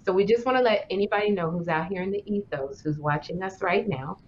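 A woman's voice: mid-range voice, quick pace, lo-fi sound, slight background noise. A woman co-hosting a podcast, chatting playfully and laughing often. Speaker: podcast co-host. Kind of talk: casual chat.

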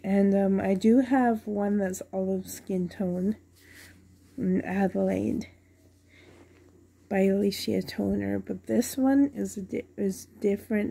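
A woman's voice: mid-range voice, steady tone, takes it slowly, gravelly, warm tone, breathy edge. A woman at home unboxing a doll for her vlog, gushing with delight and often dropping to a whisper. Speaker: reborn doll collector unboxing a doll.

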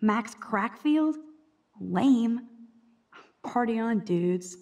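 A woman's voice: on the high side, animated, extremely slow, a little mellow, heavily acted. An actress voicing a dry, sardonic teenage girl student in a video game. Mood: wry. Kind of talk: game character dialogue.

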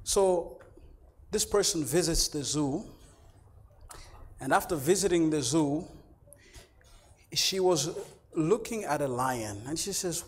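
High-voiced man preaching a dramatic sermon. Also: expressive, slow pace, pauses often. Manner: dramatic swings between loud shouted lines and low quiet ones; voices imagined church members and quoted speakers while preaching. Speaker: pastor. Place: church.

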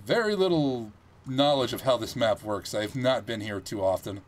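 A man giving casual gameplay commentary, chatty and thinking aloud as he plays, with animated reactions. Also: mid-range voice, moderate pace.

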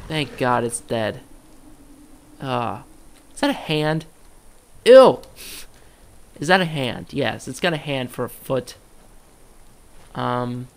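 A man talking through his gameplay in a loose, joking way, swearing freely and jumping to loud yelps when monsters appear. His voice sits at an ordinary middle pitch. A faint hum of noise runs underneath. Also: creaky. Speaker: gaming commentator. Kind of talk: casual let's-play commentary.

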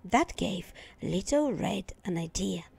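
A woman reading a children's fairy tale aloud in an expressive, dramatic storytelling manner. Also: mid-range voice, slow pace, vocal fry, husky, soft background music.

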